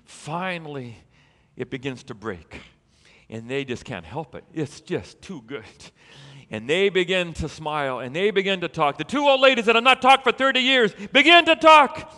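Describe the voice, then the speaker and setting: High, bright-voiced preacher in a hall. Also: male voice, normal speed. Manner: animated storytelling, rising to emphatic peaks. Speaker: pastor. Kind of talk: sermon.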